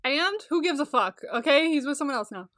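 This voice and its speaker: A woman's voice: high-pitched, animated, fairly quick, fairly bright tone. A woman co-hosting a casual TV recap podcast, laughing often, swearing and exclaiming her reactions. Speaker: podcast co-host.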